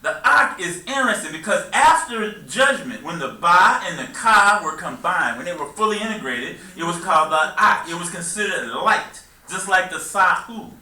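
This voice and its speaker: Male minister, high and bright, teaching sermon with call-and-response, roomy distant recording. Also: moderate pace, hardly any pauses. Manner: call-and-response preaching, joking, animated. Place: worship hall with congregation. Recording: echoey room, taped from afar.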